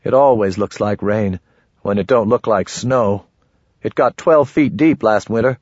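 A man's voice: on the low side, measured pace, a little mellow, no room sound. A man voicing a chatty, plain-spoken rural guard with folksy backcountry grammar, on a dull lo-fi audiobook recording.

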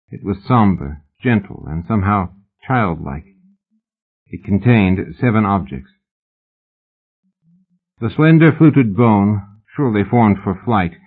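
A man reads a story aloud in a steady, even audiobook voice. His pitch sits on the low side, and the sound comes through thin and tinny, like a phone line. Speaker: narrator. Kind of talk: audiobook narration.

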